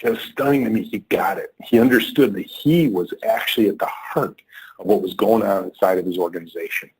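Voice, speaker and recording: A man's voice: fairly low pitch, a little fast, a little hiss or hum, low-quality recording. A middle-aged man, a company leader as podcast guest, telling a workplace story and acting out the people in it. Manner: animated storyteller, acts out quoted people.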